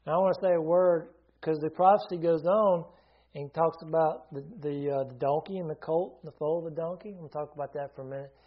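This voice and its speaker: Higher-voiced man preaching conversationally. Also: steady tone, a little fast, narrow, tinny audio. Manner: conversational teaching, asks listeners questions, frequent restarts. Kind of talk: sermon.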